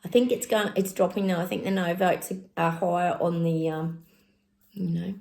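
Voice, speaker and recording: Chatty woman with a creaky voice. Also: fairly low pitch, fairly even intonation, moderate pace, darkish tone. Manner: chatty and exclaiming, talks straight to viewers. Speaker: psychic channel host. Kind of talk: casual psychic reading to viewers.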